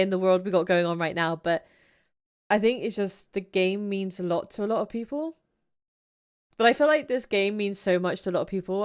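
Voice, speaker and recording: Chatty woman rambling through a review. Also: medium pitch. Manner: chatty, rambling, animated, frequent laughs and restarts. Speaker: YouTube channel host. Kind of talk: casual spoken film review.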